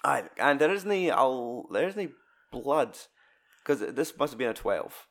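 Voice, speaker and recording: A man's voice: medium pitch, a little slow. Sweary Scottish man in casual film chat. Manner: sweary, animated, acts out film scenes in shouted voices.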